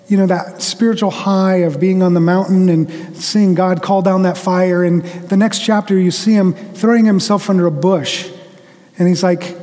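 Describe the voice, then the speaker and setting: High-voiced preacher in a reverberant hall. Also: male voice, mellow. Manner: storytelling preacher who acts out quotes. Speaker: pastor. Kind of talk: sermon.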